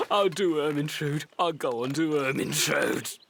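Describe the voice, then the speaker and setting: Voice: medium pitch, vocal fry. A performer voicing a sleepy, laid-back male rabbit in a cartoon, drawling and saying man. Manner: drowsy, drawling, says man. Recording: music playing underneath.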